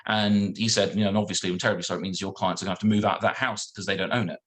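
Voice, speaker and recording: A man, a solicitor, telling a lively anecdote on a video call and acting out the other people in it. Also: sits low, rapid-fire. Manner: animated storyteller acting out dialogue. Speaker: guest solicitor.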